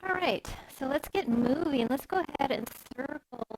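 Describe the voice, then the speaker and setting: A woman yoga instructor gently guiding a live-streamed class in a chatty, easygoing way. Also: high voice, lively intonation, moderate pace, slight background noise. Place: home room, phone camera set far off. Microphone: phone far across the room.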